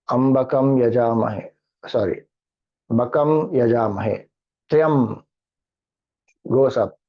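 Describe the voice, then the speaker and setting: A middle-aged man with an Indian English accent, a spiritual teacher patiently explaining mantra chanting and chanting slowly. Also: medium pitch. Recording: dull lo-fi audio.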